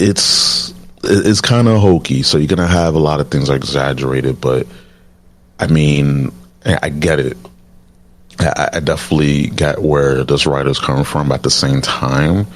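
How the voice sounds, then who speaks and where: Super deep baritone guy on a podcast, keeps restarting his sentences. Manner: halting, with frequent restarts and fillers. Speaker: podcast host. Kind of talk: casual podcast discussion.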